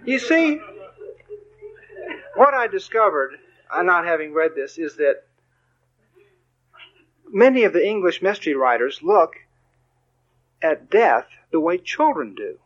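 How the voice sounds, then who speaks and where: An older man, a spiritual teacher, giving a playful, animated talk with readings. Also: high-pitched, a little slow, pauses often, dull audio.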